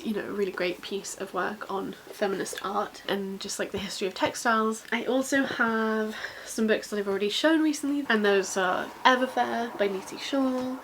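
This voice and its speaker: A woman's voice: medium pitch, a bit bright, slight background noise, low-quality recording. A young woman, talking casually to camera about her reading, rambling and peppering her talk with fillers and self-deprecating asides. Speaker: book vlogger.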